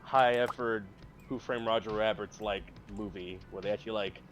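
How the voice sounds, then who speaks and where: A man chatting casually on a live stream, rambling excitably about movies with big jumps in pitch and loudness. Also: moderate pace, slight background noise. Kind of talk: casual chat.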